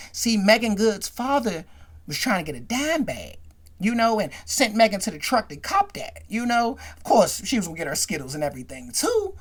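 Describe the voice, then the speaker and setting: A woman's voice: medium pitch, wildly swooping pitch, moderate pace. A woman host casually recapping a movie scene, chatty and acting it out.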